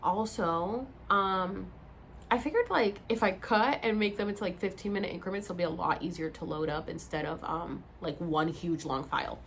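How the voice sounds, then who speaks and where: A woman's voice: lowish voice, normal speed, vocal fry, a bit bright, slight background noise. A woman in her thirties, tired and rambling, telling a personal story to camera in a casual vlog with plenty of fillers. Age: 30s. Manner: chatty, rambling, heavy use of "like" and "um". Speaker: vlogger.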